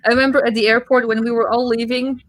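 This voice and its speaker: Woman, stream co-host, high voice, giggly, friendly, hesitant. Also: level tone, quick pace. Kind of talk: casual livestream chat.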